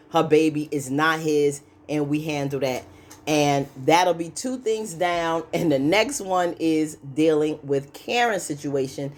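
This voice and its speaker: A woman giving a casual, chatty recap of a TV episode, full of "you know" fillers and acted-out lines from the characters. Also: deep voice. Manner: acts out characters' lines while retelling. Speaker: show recap host.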